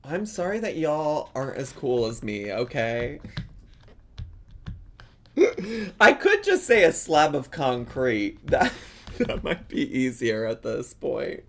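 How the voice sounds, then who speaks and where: A man's voice: medium pitch, slow, slight background noise. A man commenting on a video in a casual, joking way, often breaking into laughter. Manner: animated, joking, bursts of laughter. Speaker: reaction vlogger.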